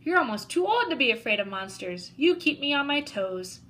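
A woman voicing a friendly male monster, loud and cheery in manner. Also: sits high, big pitch swings, normal speed, voice pushed up.

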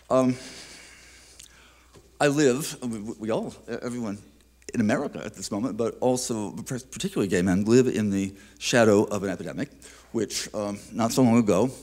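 A man giving a poetry reading at a museum, introducing his poem in a reflective, unhurried way with small hesitations, then reading it aloud. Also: on the low side, a little mellow. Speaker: featured poet. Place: live reading in an art museum.

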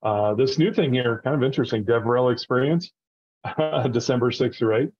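A man co-hosting a relaxed podcast, rattling off dates with frequent "uh"s and little laughs. His voice sits in a middle range. The recording sounds dull and lo-fi. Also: mid-range voice, moderate pace. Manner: runs through event dates with frequent fillers and small laughs. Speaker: podcast co-host. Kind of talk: casual podcast chat.

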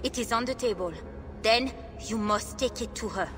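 A woman's voice: a little high, moderate pace, big-room sound, music in the background, close to an everyday voice. A woman playing a timid, uneasy temple assistant. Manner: hesitant, worried.

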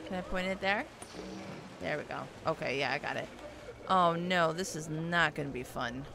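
A woman giving let's play gameplay commentary, slightly hoarse from losing her voice, reacting aloud and talking back to the game. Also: low voice, normal speed, background noise. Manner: reactive, exclaiming, talks to the game.

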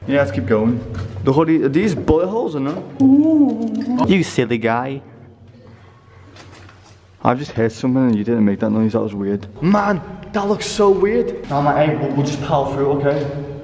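A man's voice: medium pitch, expressive, brisk, a little mellow. A young man hosting an exploring vlog, joking playfully with mock-serious asides as he films in a bunker tunnel. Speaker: urban explorer host. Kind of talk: casual vlog chat. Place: underground wartime bunker tunnel. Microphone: camera held close. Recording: echoey tunnel with long reverb, faint music.

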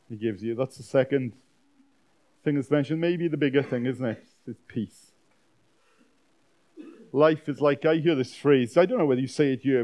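A man preaching a sermon as a pastor, swinging from loud dramatic outbursts to quiet, intimate lines. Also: medium pitch. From Wales. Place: church weekend-away gathering.

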